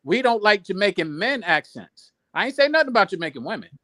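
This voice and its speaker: A man's voice: high voice, big pitch swings, fast, sharp tone, dry recording. Guy on a panel, stammers a lot, dry close sound. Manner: stammering, hedging. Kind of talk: casual panel chat.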